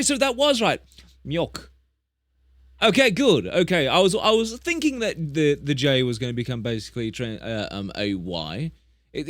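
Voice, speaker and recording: A slightly high, somewhat bright male voice comes through a dry, clean studio recording. The young man is live streaming, telling chatty, rambling animal stories, fixing his own slips and playing up the tall tales.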